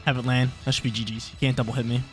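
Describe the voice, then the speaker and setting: A young man talks through his online battle as it plays out, thinking aloud and repeating himself when things get tense. His voice sits at an ordinary male pitch. Faint music plays under his talk. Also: level tone, racing. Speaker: gaming YouTuber. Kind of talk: live gameplay commentary.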